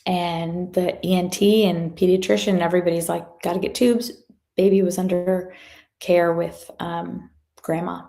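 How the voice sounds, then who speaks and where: A woman giving a motivational talk as a guest speaker, telling a story from her work in an animated way and acting out the people in it. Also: lowish voice, normal speed, gravelly. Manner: animated, acts out quoted voices.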